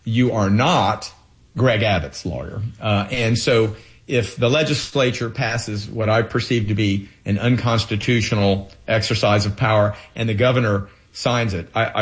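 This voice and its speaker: A man running for office, answering interview questions in an earnest, halting way with frequent fillers. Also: on the low side. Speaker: political candidate.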